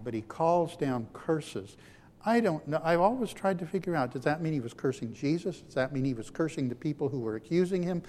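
A man preaching a sermon as a pastor, shifting between loud emphatic lines and hushed, quiet ones. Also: a little high. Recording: long hall reverb.

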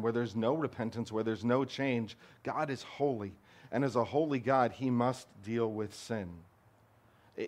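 Earnest man preaching a sermon. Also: mid-range voice. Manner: earnest, emphatic preaching with rhetorical questions. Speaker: pastor.

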